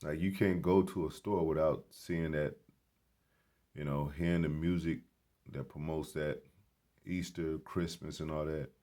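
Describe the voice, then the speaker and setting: A man with an extremely deep, low voice talks his way through a casual vlog. He rambles in an emphatic, sermon-like way, blunt and quick to swear. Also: fairly even intonation, mellow. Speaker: vlogger. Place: grocery store.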